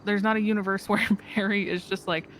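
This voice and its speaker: A fellow player recounting events in character during a game roleplay, rambling and quoting others with quick laughs. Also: mid-range voice, little pitch movement, fairly bright tone, slight background noise. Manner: rambling storyteller, quotes others, laughs mid-sentence.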